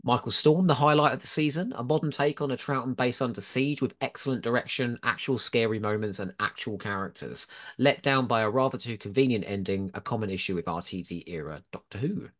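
A man's voice: mid-range voice, brisk, fairly bright tone. A man co-hosting a podcast, chatting casually, reading listener reviews aloud and laughing often. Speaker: podcast co-host.

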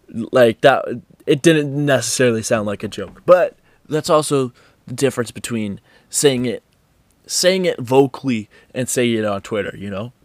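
A man's voice: medium pitch, no echo. A man hosting a casual podcast, rambling and swearing, with many restarts. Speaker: podcast host.

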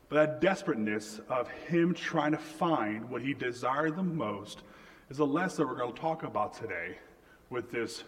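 A young man preaching a sermon in a church, telling family stories with lively acted-out quotes. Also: on the high side. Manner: storytelling, animated quoting of family. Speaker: pastor. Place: church sanctuary. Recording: reverberant church hall.

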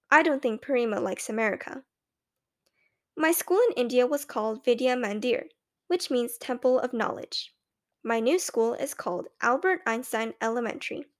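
High-voiced woman reading an audiobook. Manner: clear, measured storytelling in first person as a young boy. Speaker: audiobook narrator. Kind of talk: scripted audiobook narration.

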